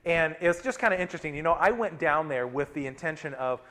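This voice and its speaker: Middle-aged guy preaching, chatty and storytelling, kinda high voice, gets loud then soft a lot. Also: fast. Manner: conversational preaching with personal stories, lively swings in loudness. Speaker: pastor. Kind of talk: sermon.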